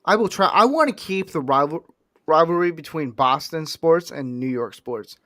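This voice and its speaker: This podcast co-host speaks at a moderate pace in a voice that's a little high, recorded cleanly in a studio without echo. In a casual sports conversation, he spins stories with lots of energy and mimics other people's words using made-up voices.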